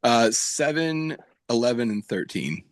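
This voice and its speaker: A man in his thirties co-hosting a casual podcast, full of teasing jokes and quick asides. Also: medium pitch, very animated, no room sound. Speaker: podcast co-host. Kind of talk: casual chat.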